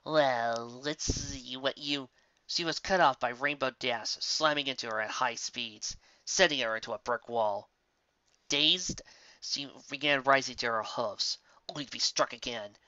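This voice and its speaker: A woman narrating a storybook tale in a steady, plain reading voice, in a slightly muffled lo-fi recording. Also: very deep voice, moderate pace, dry recording. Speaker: fan fiction reader.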